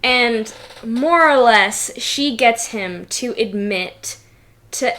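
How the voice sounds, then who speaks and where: A woman running a tabletop game, narrating casually with plenty of fillers. Her voice is fairly high and she talks at an easy, slow pace. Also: sharp tone. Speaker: game master.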